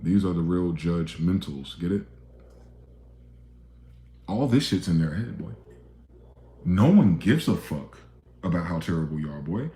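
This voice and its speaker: A man delivering a blunt, profane monologue rant, swinging between loud outbursts and low, muttered asides. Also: lively intonation, measured pace, pauses often, reverberant. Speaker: video commentator.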